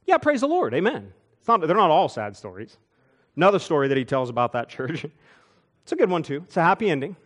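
A man preaching a sermon, telling church stories with quick asides and chuckles. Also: a little high. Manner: animated storytelling with asides and chuckles. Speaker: pastor. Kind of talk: storytelling sermon.

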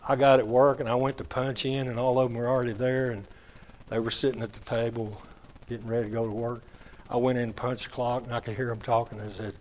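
A man's voice: medium pitch, level tone, darkish tone. Folksy man preaching his testimony. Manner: folksy storytelling with drawn-out emphasis; quotes others in acted voices. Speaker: lay preacher giving testimony. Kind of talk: testimony sermon.

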